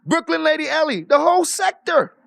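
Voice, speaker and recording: A man's voice: very high voice, sing-song, fairly quick, creaky, a bit bright, no room sound. A man ranting boastfully on a live stream, swearing freely and laughing often. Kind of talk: casual livestream rant.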